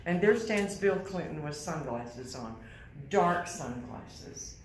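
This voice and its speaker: A woman's voice: deep voice, lively intonation, takes it slowly, a little hiss or hum. Older woman telling her story in an echoey hall. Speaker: guest speaker. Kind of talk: personal testimony to a live audience. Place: university hall.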